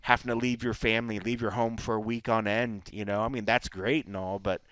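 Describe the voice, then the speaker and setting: A man's voice: fairly low pitch, a little fast, no echo. Guy co-hosting a podcast, dry studio sound, gets going telling stories. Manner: animated storytelling, rambling. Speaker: podcast co-host. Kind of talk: casual chat.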